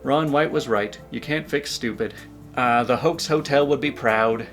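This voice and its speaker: A man's voice: mid-range voice, a little slow, a bit bright. A man reads online stories aloud and comments on them. His delivery is dry and casual, with offhand asides. Faint music plays underneath. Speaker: YouTube story reader. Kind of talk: reading online posts with commentary.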